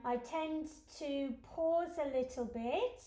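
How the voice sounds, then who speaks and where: A woman's voice: high voice, slow pace. A woman piano teacher giving a lesson, patiently explaining each step to her students. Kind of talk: instructional lesson. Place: room with a piano. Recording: roomy echo with faint piano.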